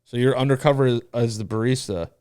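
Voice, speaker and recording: A man's voice: mid-range voice, fairly quick, darkish tone, clean tone, no room sound. Podcast co-host, man, crude joker, dry close sound. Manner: crude, absurd storytelling. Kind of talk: casual improv chat.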